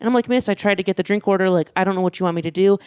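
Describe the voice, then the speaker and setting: A man co-hosting a casual podcast, telling a quick, wry story about waiting tables. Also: sits high, a little mellow, smooth, no room sound, clean studio sound. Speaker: podcast co-host, restaurant server.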